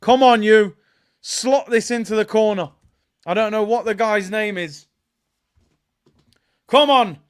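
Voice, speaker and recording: A man hosting a live football watchalong, bantering and trolling rival fans, bursting into shouts at big moments. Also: high voice, slow pace, long pauses, smooth.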